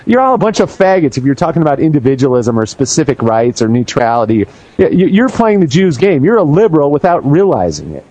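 A male talk-radio host who speaks in an angry, profane, shouting rant. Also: fairly high pitch, big pitch swings, fast, hardly any pauses, low-quality recording.

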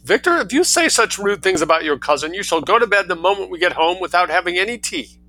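A man reading a story aloud, voicing a large wealthy mother who talks in a penetrating, hurried, scolding way. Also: high voice, expressive, pushed and bright, pitched above the performer's own voice, exaggerated voice, rough recording.

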